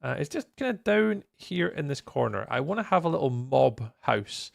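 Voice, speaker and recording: Sleepy guy rambling on stream, greeting chat, super gravelly fry voice, dry close sound. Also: fairly high pitch, big pitch swings, moderate pace, no room sound. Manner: rambling, chatty, greets viewers by name. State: tired, yawning. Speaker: livestreamer and server host. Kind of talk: casual live-stream chat while building in a game.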